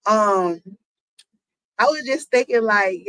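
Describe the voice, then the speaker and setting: A woman's voice: mid-range voice, measured pace, no room sound, poor audio. A woman hosting her own commentary channel, talking casually to viewers with lots of fillers and asides. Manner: chatty, lots of fillers, addresses viewers as y'all.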